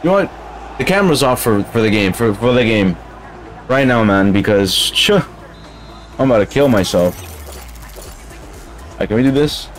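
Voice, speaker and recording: Male streamer, mid-pitched voice, slangy and grumbly, chatting to chat over loud music. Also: animated, normal speed, pauses often. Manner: slangy, grumbling, calls listeners bro. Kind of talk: casual live-stream chatter.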